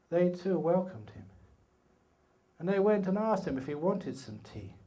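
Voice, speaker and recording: A man in his sixties with a British accent, a meditation teacher telling a story in a slow, playful way with humorous asides during an evening dharma talk at a retreat. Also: on the high side, expressive, mellow. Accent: British English. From England. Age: 60s. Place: retreat hall.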